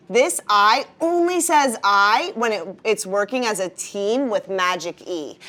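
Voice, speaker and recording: A woman teaching a first-grade phonics lesson in a classroom, leading the class in call-and-response. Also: a little high. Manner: animated, drawn-out teacher voice with call-and-response prompts.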